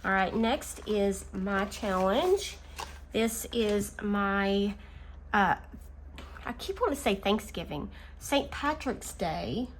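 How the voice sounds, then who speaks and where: A woman hosting a casual budgeting video, chatting and counting her savings out loud, easily amused. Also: mid-range voice, animated, slow. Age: adult. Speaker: budgeting channel host. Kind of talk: casual chat while scratching savings challenges. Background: faint engine noise from a utility vehicle outside.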